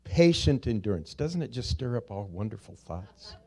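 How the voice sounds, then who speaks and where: A man preaching a church sermon, slowly drawing out key words, rising to loud emphatic peaks and dropping to quiet, low stresses. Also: sing-song, vocal fry. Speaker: pastor. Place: church sanctuary.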